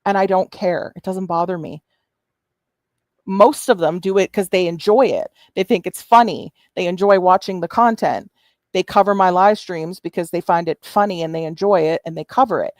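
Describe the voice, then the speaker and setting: A woman's voice: fairly low pitch, moderate pace, a little mellow, no echo. Combative woman, dry close sound. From Canada. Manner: combative, profane, sarcastic. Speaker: YouTube commentary host. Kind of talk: reaction commentary livestream.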